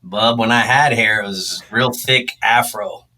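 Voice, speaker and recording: Animated, bright-voiced fishing captain. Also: male voice, fairly low pitch, measured pace, distant mic, poor audio. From South Florida, US. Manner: animated storyteller, acts out shouts. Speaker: fishing show host and charter captain. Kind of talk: casual interview storytelling.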